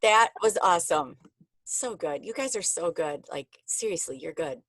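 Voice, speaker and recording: A woman's voice: fairly low pitch, lively intonation, normal speed, a bit bright, dry recording, poor audio. A woman hosting a casual video call, chatty and openly emotional with her guests. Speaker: host.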